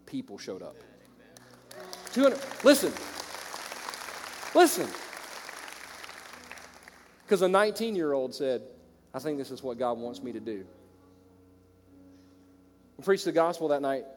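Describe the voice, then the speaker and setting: A man with a Southern American accent preaching a sermon to his congregation, shifting from loud exclamations to quiet storytelling. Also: fairly high pitch, animated, moderate pace, pauses often, some chatter behind, slight background noise. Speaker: pastor. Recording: long reverb of a large hall.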